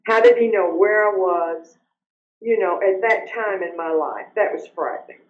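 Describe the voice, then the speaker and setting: An older woman, earnestly telling her personal story as an interview guest, sometimes halting when upset. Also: mid-range voice. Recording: roomy, muffled remote audio.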